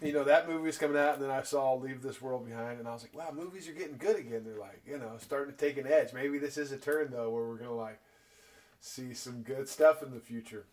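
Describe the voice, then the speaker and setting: A man co-hosting a casual podcast, chatting in a relaxed way and trailing off into quiet asides. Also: mid-range voice, quick pace. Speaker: podcast co-host. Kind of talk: casual chat.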